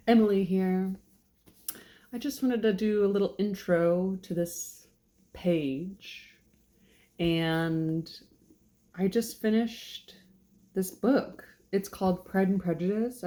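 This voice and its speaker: A woman's voice: medium pitch, mellow. Chatty woman in her late thirties. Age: 30s. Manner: chatty and rambling, self-deprecating, frequent laughs. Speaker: channel host. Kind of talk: casual vlog intro. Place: home kitchen.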